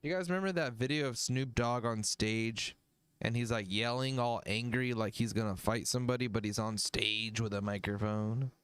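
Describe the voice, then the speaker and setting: A man hosting a livestream music review, talking casually, joking and swearing as he thinks out loud. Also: medium pitch, moderate pace, clear, resonant tone, no room sound. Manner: profane, jokey, thinks aloud.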